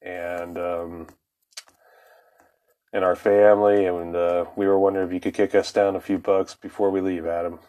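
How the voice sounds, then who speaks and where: A man's voice: deep voice, little pitch movement, normal speed, warm tone, muffled recording. A man tells a long, swearing-laced personal story in loose, rambling fashion. He often chuckles mid-sentence, and his voice sometimes drifts away from the microphone. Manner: profane, rambling, laughs often.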